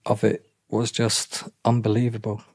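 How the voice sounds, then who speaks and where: Halting man, dry close sound. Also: on the low side, completely flat delivery, darkish tone, no room sound. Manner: halting, repeats himself, many restarts. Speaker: interview guest. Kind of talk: emotional personal account.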